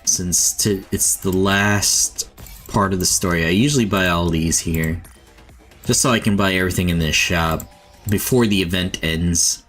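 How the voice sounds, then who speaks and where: A man's voice: low voice, moderate pace, a bit bright, faint music behind. A man streaming a game, chatting casually and thinking aloud as he plays.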